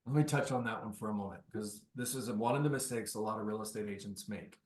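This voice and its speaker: A man's voice: on the low side, fast talker, reverberant. A man leading a real estate coaching session on a video call, giving direct, instructive advice.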